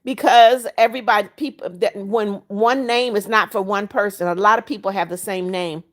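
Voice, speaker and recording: Speaking at a moderate pace in a steady, medium-pitched voice, a woman in her seventies runs a relaxed livestream and reads comments from viewers. She welcomes people by name and offers them blessings with a blunt, motherly warmth.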